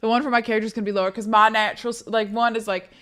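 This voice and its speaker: Chatty woman streamer, slightly high voice. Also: flat delivery, very fast, fairly bright tone. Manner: rambling, joking, swears freely. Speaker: live streamer. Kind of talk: casual live-stream chat.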